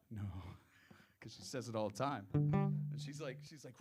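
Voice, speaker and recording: A man's voice: on the low side, a little fast, music in the background. Texan man telling stories on stage. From Texas. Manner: relaxed storytelling, drawls into quoted voices. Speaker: singer-songwriter. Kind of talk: casual stage banter between songs. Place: small music workshop venue, live session.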